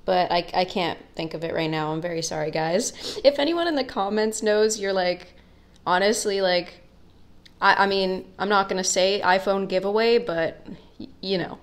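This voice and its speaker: A woman's voice: medium pitch, moderate pace. A young woman casually showing her sketchbook, talking in a rambling, jokey way with plenty of asides and fillers. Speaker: art vlogger.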